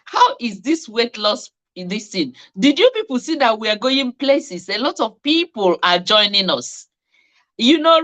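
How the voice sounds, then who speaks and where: A woman's voice: on the high side, fairly bright tone. A woman hosting a live stream, reading out viewers' comments in a chatty, teasing way and laughing often. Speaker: host of a live weight-management Q&A.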